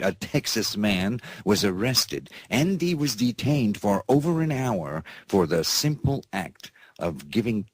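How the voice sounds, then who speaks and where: A man's voice: sits low, husky, dry recording. A man hosting an alternative news show, reading headlines with folksy sarcasm and mocking laughter. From United States.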